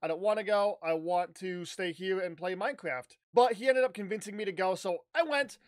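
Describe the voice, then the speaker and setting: A man telling a casual, animated story on his vlog, rambling with restarts and the odd swear word. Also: high voice, brisk, no echo. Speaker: YouTuber.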